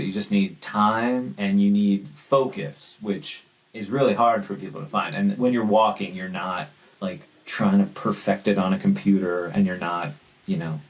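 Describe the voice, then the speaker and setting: Low-voiced thoughtful male author guest. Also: low-quality recording. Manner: thoughtful, animated, self-deprecating. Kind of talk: casual interview chat.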